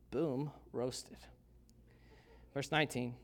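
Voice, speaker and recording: A middle-aged pastor preaching a sermon in a church, conversational and joking, with asides to the congregation. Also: male voice, medium pitch, lively intonation, a little slow, fairly bright tone.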